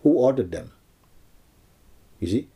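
A man with a very dark, mellow tone and a husky grain, speaking as a spiritual teacher. He talks slowly and reflectively, with many pauses, and his voice sits on the low side. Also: lively intonation. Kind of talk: spiritual dialogue.

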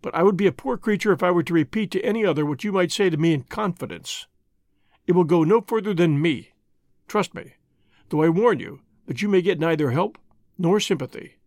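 A man's voice: sits high, expressive, a little fast, a little mellow, no echo, studio quality. A man reading the part of a stern, cautious young newcomer to a secret lodge. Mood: firm.

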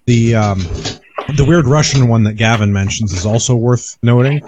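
A man co-hosting a podcast, explaining body armor testing in a measured way with dry humor. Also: medium pitch, background noise. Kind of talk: casual podcast chat.

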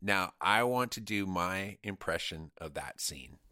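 Animated, insistent man bantering on a podcast. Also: deep voice, measured pace, dry recording, studio quality. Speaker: podcast co-host.

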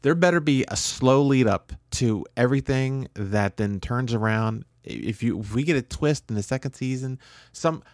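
A man co-hosting a podcast, rambling and joking in a loose, blunt way, with frequent restarts. His voice sits in a middle pitch. The sound is dry and close. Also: normal speed, a little mellow, dry recording. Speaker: podcast co-host. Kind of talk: casual chat.

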